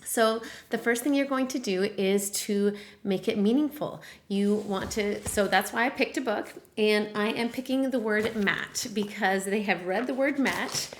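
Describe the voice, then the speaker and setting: A woman's voice: medium pitch, a little slow, few pauses, a little hiss or hum. A middle-aged woman explaining to parents how to teach a child to write words from sounds, modeling sounds and handwriting chants in an encouraging, sing-song way. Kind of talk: instructional demonstration.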